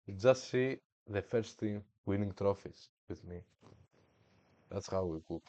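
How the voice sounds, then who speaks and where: A man streams a football management game with playful, slangy hype and trash talk. His voice sits on the low side and he talks at an unhurried pace. The sound is slightly muffled and dry. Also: warm tone, dry recording. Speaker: gaming streamer. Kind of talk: casual gameplay commentary.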